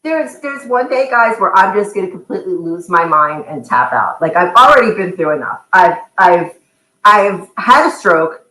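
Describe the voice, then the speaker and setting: A woman co-hosting a podcast, telling stories to her husband in an animated, exasperated way. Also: lowish voice, normal speed. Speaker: podcast co-host. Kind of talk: casual couple banter. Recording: roomy echo.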